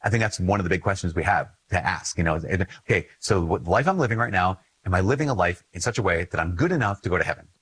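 A man's voice: deep voice, expressive, fast, hardly any pauses, fairly bright tone, husky, poor audio. A man with a Minnesota accent, a Catholic priest giving an earnest, conversational talk on faith, repeating phrases for emphasis. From Minnesota, USA. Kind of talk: casual spoken teaching on faith.

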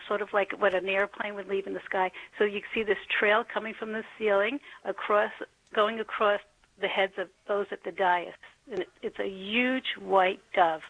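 A woman's voice: medium pitch, no room sound, dull audio. Earnest woman caller on the phone. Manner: detailed, earnest storytelling. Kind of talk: telling a story on call-in radio. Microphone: telephone.

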